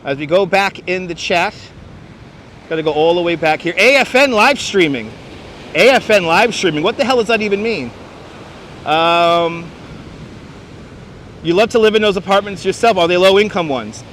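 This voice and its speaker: A man's voice: high voice, expressive, moderate pace, pauses often, fairly bright tone. A man hosting a casual livestream outdoors on a beach, reading out viewer comments and joking dryly, with a clip-on wireless mic. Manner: wry, joking, mock-announcer asides. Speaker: livestream host. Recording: faint wind and surf noise.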